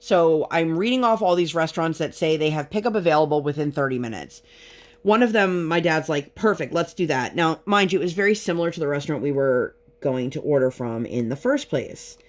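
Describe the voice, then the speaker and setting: A woman's voice: sits low, a little fast. Exasperated chatty woman telling a story. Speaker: vlogger. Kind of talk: casual storytelling while crafting.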